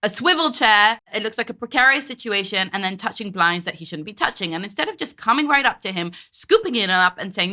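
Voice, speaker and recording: A woman's voice: mid-range voice, lively intonation, a little fast, hardly any pauses, sharp tone. A woman hosting a parenting show, commenting on video clips in a direct, emphatic, conversational way. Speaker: host, parenting coach.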